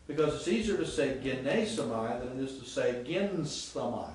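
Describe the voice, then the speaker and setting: A man's voice: mid-range voice, lively intonation, normal speed, hardly any pauses, a little hiss or hum. Male lecturer, conversational, quizzes the class, very echoey room, mic far off. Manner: chatty, asks the class questions, sounds out Greek words. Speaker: Greek professor. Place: seminary classroom.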